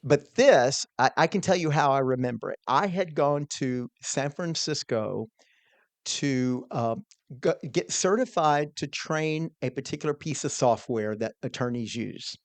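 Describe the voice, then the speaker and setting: A man telling an earnest, animated personal story as a podcast guest, quoting his own thoughts along the way. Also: mid-range voice, unhurried, no room sound. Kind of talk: storytelling in a conversation.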